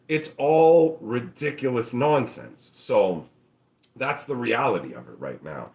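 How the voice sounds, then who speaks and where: A man's voice: mid-range voice, animated, takes it slowly, creaky, darkish tone. A man hosting his own channel, ranting casually and profanely and acting out mocking voices. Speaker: channel host. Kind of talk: casual opinion rant.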